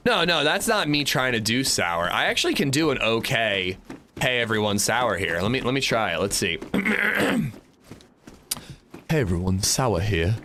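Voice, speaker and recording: Male game streamer, casual chatter with viewers, lively pitch. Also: slight background noise. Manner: chatty, reads and answers chat. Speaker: gaming livestreamer. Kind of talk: casual gameplay commentary.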